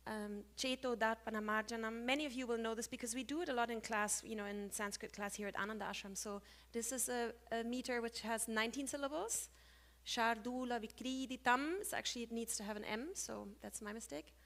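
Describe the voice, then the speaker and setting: A woman with a slightly high voice lecturing on poetic meter. She talks in a loose, chatty way. She often stops to correct herself mid-sentence. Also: fairly bright tone. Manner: chatty, with self-corrections, hums meter rhythms. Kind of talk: conference talk on Sanskrit meter.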